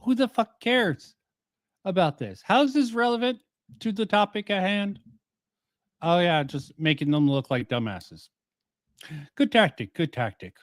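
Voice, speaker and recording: Man reacting casually, scoffing and swearing, slightly higher voice, dry sound. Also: animated, measured pace, no echo. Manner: profane, rambling, scoffing. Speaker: reaction commentator.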